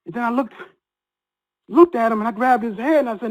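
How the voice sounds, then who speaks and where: A man's voice: very high-pitched, poor audio. Earnest man telling a personal story. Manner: earnest, halting, with many repeated restarts. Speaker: guest sharing a personal story.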